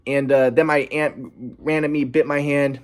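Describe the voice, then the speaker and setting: A young man telling a personal story in a vlog, earnest and aggrieved, stressing how calm he stayed. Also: a little high, moderate pace. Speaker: vlogger.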